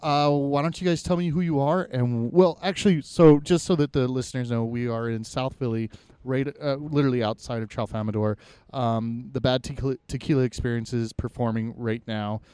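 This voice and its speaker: A man's voice: medium pitch, fairly even intonation, brisk, mellow, clean tone, dry recording. A man hosting a casual podcast interview outdoors on a city street, talking in an enthusiastic, rambling way and swearing casually. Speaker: podcast host.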